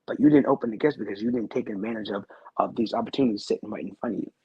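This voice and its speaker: Husky-voiced man telling an earnest story. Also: lowish voice, very fast, dry recording, highs cut off. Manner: rambling, repeats phrases, earnest and intense. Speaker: guest. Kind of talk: telling a personal story in a talk-show interview.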